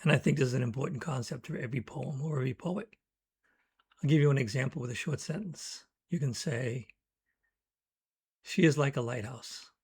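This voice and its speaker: A man's voice: mid-range voice, fast, darkish tone, slightly rough. A man explaining how he writes poems in a thoughtful, teaching manner, reading out short word examples. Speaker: poetry teacher. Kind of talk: educational talk.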